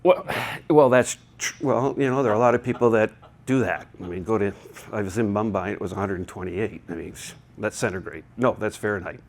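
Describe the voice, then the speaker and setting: A man's voice: lowish voice, fairly quick, darkish tone, slight background noise. A man presenting a technical talk to a live conference audience, chatty and digressive, with joking asides. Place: conference hall.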